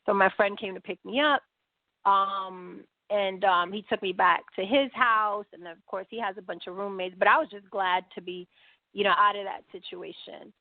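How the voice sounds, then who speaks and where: A woman's voice: medium pitch, moderate pace, no echo. New woman telling a story on a tinny line. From New York. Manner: animated, quotes people in dialogue, many fillers. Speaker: podcast guest. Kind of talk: conversational storytelling. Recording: dry, phone-like audio.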